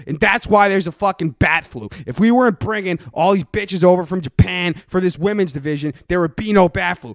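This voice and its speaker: A man's voice: sits high, a bit bright, no room sound, studio quality. A young man doing an aggressive, mocking, profanity-heavy comedic rant as a wrestling pundit character.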